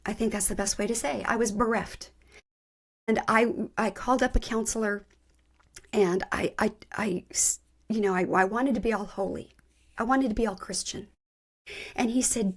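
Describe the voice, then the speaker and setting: Woman podcast host, a little high-pitched, gives a candid and earnest personal faith testimony. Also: normal speed, breathy edge. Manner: candid, earnest storyteller who laughs at herself.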